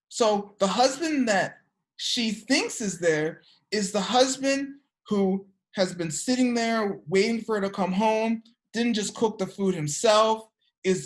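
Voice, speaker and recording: A woman teaching a class, telling a story and checking in with her students with frequent "okay?" questions. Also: medium pitch. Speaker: teacher of an energy work class.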